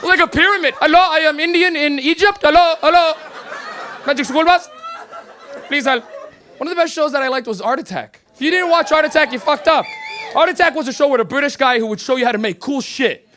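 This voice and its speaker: High, bright, excitable male stand-up comic. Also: fast talker, some chatter behind, slight background noise. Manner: excitable, profane storytelling full of acted-out quotes. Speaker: stand-up comedian. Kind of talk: stand-up comedy set. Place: comedy club stage.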